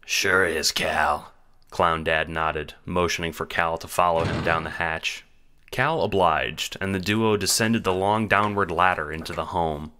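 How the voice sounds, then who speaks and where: Guy with a low voice narrating a fan audio drama, measured, bright edge. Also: fairly even intonation, clear, resonant tone. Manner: measured storytelling reading.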